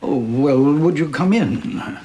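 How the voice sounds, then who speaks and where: An actor playing an elderly retired male navy officer who is gracious, slow and a little forgetful in a TV drama. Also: a little high, lively intonation, mellow. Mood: hospitable. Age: older. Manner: slow, courtly, hesitant. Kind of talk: TV drama dialogue.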